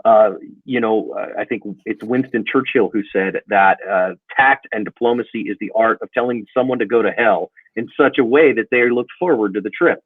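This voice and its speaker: Over a tinny, phone-like, dry connection, a middle-aged guest on a self-defense channel tells stories at a moderate pace with hardly any pauses. His lowish, breathy voice grows animated as he plays out the dialogue in a relaxed interview.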